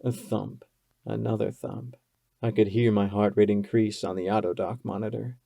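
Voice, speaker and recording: A male narrator reads a dramatic audiobook in a measured way. His voice is dark and gravelly, and the recording is dry and close. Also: lowish voice, flat delivery, no room sound.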